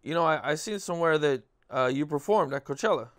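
A man's voice: a little high, lively intonation, fast. A man hosting a casual interview, asking questions and reacting with short, encouraging remarks. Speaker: interviewer, host.

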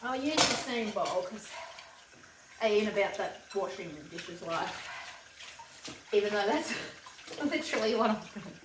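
Talking a little slowly with frequent pauses, this Australian vlogger has a medium-pitched voice and lively intonation. She casually muses aloud and pokes fun at herself while preparing food, in an echoey home kitchen full of dish clatter and background noise.

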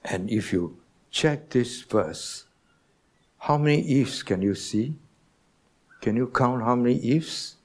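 A man preaching a sermon as senior pastor in a church, teaching slowly and asking the congregation questions. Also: medium pitch, expressive. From Singapore.

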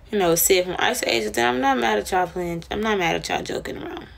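A woman's voice: mid-range voice, brisk, creaky, few pauses. A young woman chatting casually on a livestream, telling a rambling, slangy, profane story to her viewers.

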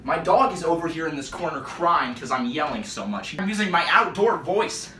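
A bright-voiced nineteen-year-old man rambles into a camera set up across a room, his pitch bouncing all over the place. He leans hard on "like" and lurches between muttering and yelling. The sound is roomy and distant, with a faint hiss underneath. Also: normal speed. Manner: excitable, rambling, heavy use of "like", jumps between mumbling and yelling. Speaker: vlogger. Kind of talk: casual rambling vlog monologue. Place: home, indoors, at night.

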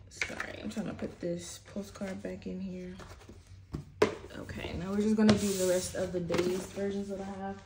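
A woman's voice: mid-range voice, heavy background noise. A young woman chatting casually while unboxing, often trailing off mid-sentence. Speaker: album unboxing vlogger.

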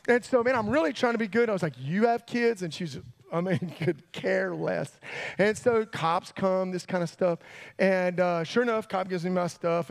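Animated man with a gravelly voice. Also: sits high. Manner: animated, jumping from hushed asides to excited yelps. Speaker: youth pastor. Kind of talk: storytelling sermon to students. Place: church hall.

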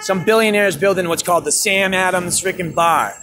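High-voiced man ranting outdoors. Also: brisk, noisy background. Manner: animated, acts out both sides of arguments. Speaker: street musician vlogger. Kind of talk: casual outdoor vlog rant. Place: outdoors in a city plaza.

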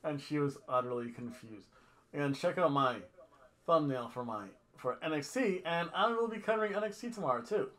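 A man hosting a wrestling review show, chatting casually and telling rambling stories with sudden loud bursts. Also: on the high side, lively intonation, normal speed. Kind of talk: casual chat.

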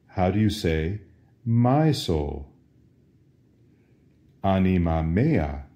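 Very slow, deep-voiced Latin tutor. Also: male voice, very animated, warm tone. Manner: patient, repeats each phrase as a question and answer. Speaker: Latin teacher. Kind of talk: slow drill-style language lesson.

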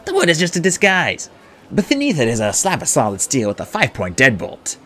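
A man's voice: a little high, wildly swooping pitch, a little fast, fairly bright tone, slight background noise, voice pushed up. A man voicing a cheerful, easygoing immortal showman with a breezy manner.

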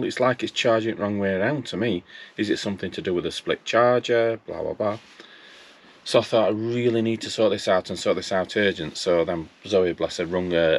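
Deep-voiced man telling a story. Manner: animated retelling of phone calls with quoted dialogue. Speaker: vlogger. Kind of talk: casual storytelling.

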